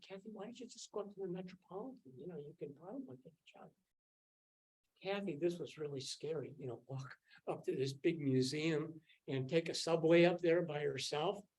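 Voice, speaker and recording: An older man, a scientist, recounting his student years in a relaxed, rambling way, with many fillers and restarts. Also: a little high, rough recording. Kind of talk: casual storytelling.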